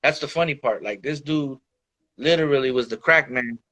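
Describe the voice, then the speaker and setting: Bright, frank, slangy man telling his story. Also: medium pitch, normal speed, dry recording. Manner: slangy and profane, peppers speech with "bro" and "dog". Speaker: podcast guest, rapper. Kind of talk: candid storytelling in casual conversation.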